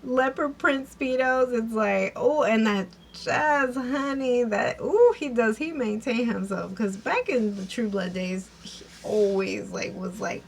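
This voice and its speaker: A woman's voice: a little high, slow pace, vocal fry, slight background noise, poor audio. Chatty, giggly woman recapping an episode. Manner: chatty, giggly, many fillers and restarts. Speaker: TV episode reviewer. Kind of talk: casual recap and commentary.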